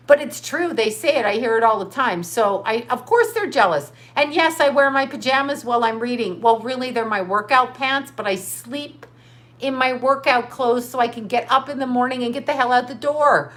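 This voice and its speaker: A middle-aged woman chats loosely on her own livestream, answering viewers as a psychic. Her voice sits a little high, and she rambles from topic to topic, bursting into profane outbursts. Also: normal speed, fairly bright tone. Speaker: livestream host. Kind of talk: casual livestream chat reading viewer comments.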